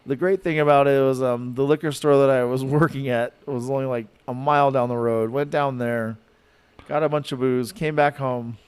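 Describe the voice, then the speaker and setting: A man telling a podcast story in an animated, rambling way, full of fillers and likes. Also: mid-range voice, moderate pace, clear, resonant tone. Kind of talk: casual storytelling.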